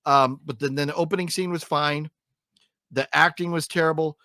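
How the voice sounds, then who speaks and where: Guy ranting about a bad movie, lots of uh and um, kinda high voice, dry close mic. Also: steady tone, normal speed, pushed and bright, no room sound. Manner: rambling, many fillers and restarts; exasperated, emphatic griping. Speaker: co-host reviewing films. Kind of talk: casual chat review.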